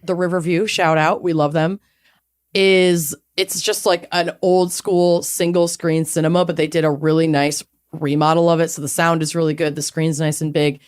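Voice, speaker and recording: A woman co-hosting a podcast, talking in a casual, jokey, animated way and swearing now and then. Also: low voice, normal speed, clear, resonant tone. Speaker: podcast co-host. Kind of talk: casual chat.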